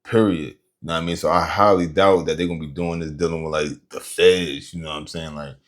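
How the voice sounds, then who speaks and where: Male host, very low voice, casual and rambling, talks to the audience. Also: steady tone, brisk. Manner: loose, rambling, talks straight to viewers. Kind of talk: casual reaction commentary.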